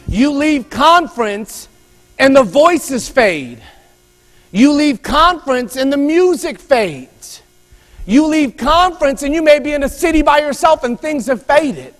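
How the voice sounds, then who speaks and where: A man giving an energetic motivational speech at a conference, telling stories and drawing call-and-response from a live audience. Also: extremely high pitch, long reverb tail. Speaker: motivational speaker. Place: large conference room before a live audience.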